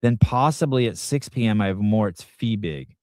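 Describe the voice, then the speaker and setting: A middle-aged man hosts a live call-in podcast and rambles through stories about his day. He swears freely and talks in a loose, casual way. His voice sits a little low, and the recording sounds close and dry. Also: lively intonation, normal speed, darkish tone, no echo. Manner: rambling, profane storytelling. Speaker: podcast host.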